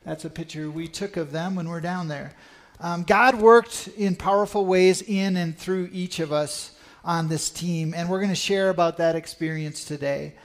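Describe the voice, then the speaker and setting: A man's voice: on the high side, moderate pace. A man giving an earnest talk at church about a mission trip, and leading the congregation in a hands-on exercise. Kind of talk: sermon.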